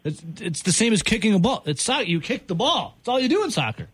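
Husky man ranting on sports radio. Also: big pitch swings, quick pace, fairly bright tone, no echo. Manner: exasperated ranting, voice jumping high when worked up. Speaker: radio host. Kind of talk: sports talk radio banter.

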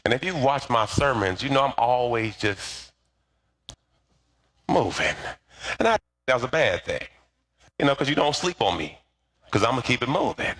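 A man's voice: medium pitch, moderate pace, long pauses. A middle-aged male pastor preaching a sermon, telling stories and calling for responses from the congregation. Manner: animated storyteller with call-and-response.

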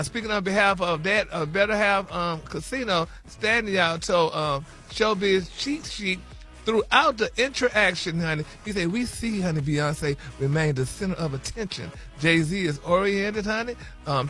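A man's voice: high voice, bright, forceful tone. An older man from Texas, hosting a radio gossip segment in a flamboyant way and calling everyone "honey" constantly. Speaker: radio show host.

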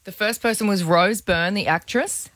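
A woman's voice: mid-range voice, normal speed, fairly bright tone. A woman with an Australian accent co-hosting a radio show, chatty and gushing with callers. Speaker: radio co-host. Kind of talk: breakfast radio banter with callers.

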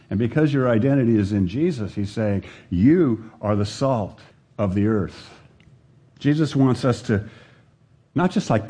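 A man preaching a sermon as pastor to a live church congregation, questioning the listeners and climbing to emphatic high peaks. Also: warm tone.

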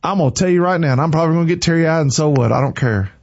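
A man's voice: a little high, rapid-fire, vocal fry, a little mellow, no echo. A man giving an emotional, preachy faith talk on a livestream, with a slightly dull lo-fi sound.

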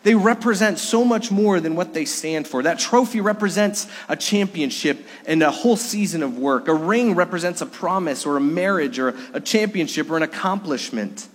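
A man's voice: high voice, moderate pace, few pauses. A man preaching a sermon during a Sunday service, talking conversationally, with restarts and storytelling asides. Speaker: pastor. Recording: long reverb of a church sanctuary.

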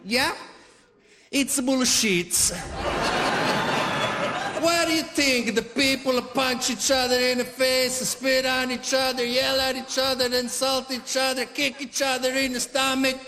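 A man's voice: very high-pitched, flat delivery, unhurried, sharp tone, long reverb tail, slight background noise, voice pushed up, full character voice. A man putting on his blunt, scoffing Italian father with an Italian accent. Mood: scornful.

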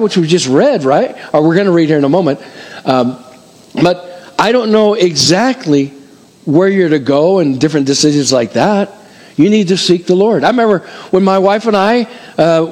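A male pastor giving a conversational, emphatic sermon in a church, polling the congregation with quick repeated phrases like an auctioneer. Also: a little high, darkish tone, rough recording. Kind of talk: expository sermon. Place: church sanctuary before a congregation.

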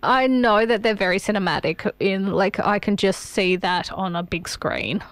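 A woman co-hosting a radio music show, chatty and quick to giggle. Her voice sits at a middle pitch and is recorded close and dry in the studio. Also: dry recording. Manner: giggly, enthusiastic. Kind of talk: casual radio banter.

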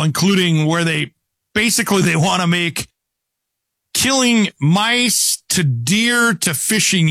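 Bright gravelly host guy, kinda high, sarcastic jokey chat. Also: no room sound. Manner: joking, sarcastic. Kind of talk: casual talk show chat.

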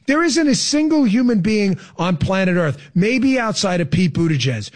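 Brief: incredulous male political talk host, sarcastic, high and swooping delivery. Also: very animated, normal speed. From Florida resident. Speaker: radio talk show host. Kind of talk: political commentary.

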